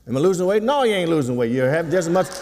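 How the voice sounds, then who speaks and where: A man's voice: fairly high pitch, lively intonation, rapid-fire, a little mellow, a little hiss or hum. A pastor in his sixties preaching a sermon in a folksy, teasing way, calling for responses from the congregation. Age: 60s. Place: church sanctuary. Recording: long hall reverb.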